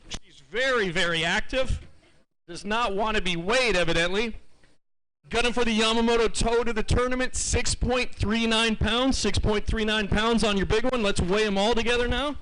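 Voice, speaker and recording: A man's voice: sits high, measured pace, pushed and bright, clean tone, rough recording. A man emceeing a live fishing tournament weigh-in outdoors, upbeat and chatty, reading out each weight twice. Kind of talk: live event announcing.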